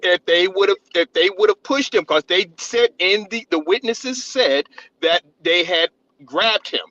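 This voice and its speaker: High-voiced man on a dull dry line. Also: a little slow, bright, forceful tone. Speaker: caller. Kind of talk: call-in debate.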